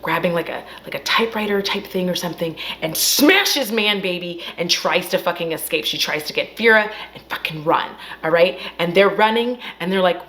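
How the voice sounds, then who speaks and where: A woman recapping a horror film in a casual, animated way, acting out the characters' lines and swearing freely. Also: medium pitch, a little fast, few pauses. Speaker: film reviewer. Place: at home.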